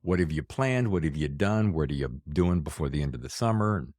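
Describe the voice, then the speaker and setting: A man's voice: rumbling low, fairly quick, no echo, clean studio sound. A man hosting an interview podcast, chatting casually and playfully. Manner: animated, jokey, slips into playful voices. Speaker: podcast host.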